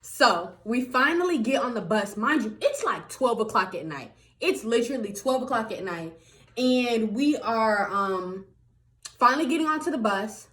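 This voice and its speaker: A young woman tells a story straight to her viewers in a chatty vlog, high-pitched and swinging all over her range. She laughs often and keeps calling them y'all. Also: expressive, moderate pace, fairly bright tone. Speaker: vlogger.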